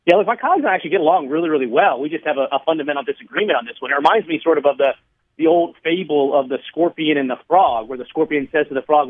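A man with a fairly high voice speaks as a radio guest and explains a policy in a measured way. He comes through a thin, tinny phone line. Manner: measured, explanatory, tells stories to make points. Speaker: radio guest, regulatory commissioner.

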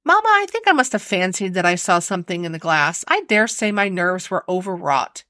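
A polite, nervous young daughter, voiced by a woman reading aloud. She speaks softly and properly. The voice is bright, with a lively pitch, in a dry reading. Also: a little fast, dry recording. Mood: relieved.

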